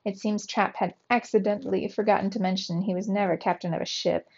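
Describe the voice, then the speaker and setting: A woman's voice: mid-range voice, brisk, husky. A woman teacher reading a children's adventure story aloud, livening up the dialogue with extra energy. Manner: lively, voices the dialogue with raised energy. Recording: slightly dull, lo-fi sound.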